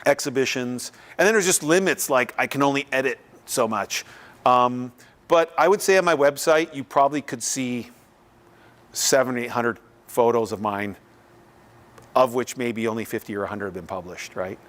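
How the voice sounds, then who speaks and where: A man talks loosely and conversationally to a room as a visiting artist. He speaks in a mid-range voice, casual and unscripted, with quick asides. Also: medium pitch, a bit bright. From Canada. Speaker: visiting artist giving a lecture. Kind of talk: casual lecture and Q&A. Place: lecture room.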